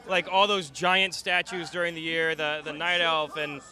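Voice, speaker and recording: A man with a high, bright voice co-hosts an outdoor event stream with playful, self-mocking banter. His voice is light and forward as he trades jokes with the others. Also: flat delivery, normal speed. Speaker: stream co-host. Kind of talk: casual pre-show banter.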